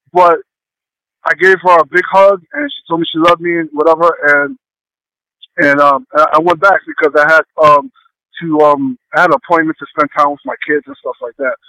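Earnest man telling a heartfelt story, halting delivery, high-pitched voice, dry close sound. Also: bright, forceful tone, no echo, low-quality recording. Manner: halting, with many pauses and fillers. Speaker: guest sharing a personal testimony. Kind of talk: emotional personal testimony.

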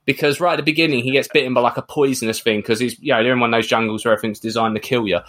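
A man's voice: medium pitch, fairly even intonation, racing, fairly bright tone. A man hosting a film podcast over a remote call, casual and teasing. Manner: jokey, teasing. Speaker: podcast host. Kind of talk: casual chat. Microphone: remote call recording.

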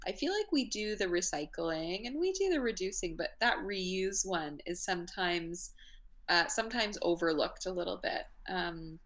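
Woman co-host, low-pitched, thoughtful and chatty. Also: lively intonation, normal speed, a bit bright. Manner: thoughtful, with many fillers. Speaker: podcast co-host. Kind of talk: casual chat.

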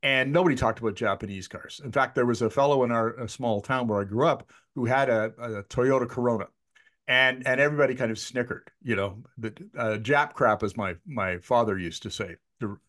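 A man's voice: medium pitch, fairly bright tone. A man in his sixties interviewing a guest in a chatty, anecdotal way, often restarting his sentences. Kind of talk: conversational interview.

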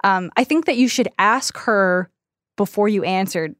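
A woman's voice: medium pitch, normal speed, fairly bright tone, no room sound, clean studio sound. A young woman co-hosting an advice podcast, chatting casually, giggling often and rambling with frequent restarts. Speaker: podcast co-host.

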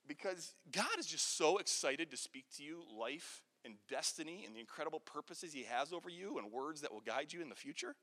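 A man's voice: on the high side, expressive, fairly quick, few pauses, bright, forceful tone. A man preaching a sermon in an earnest, storytelling way, repeating words when he gets going. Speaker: pastor. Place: large hall with an audience. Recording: long hall reverb.

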